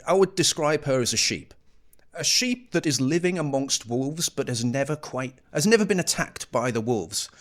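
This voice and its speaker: A man's voice: medium pitch, fairly bright tone. A man giving casual reaction commentary on a news clip in a sarcastic, mocking manner.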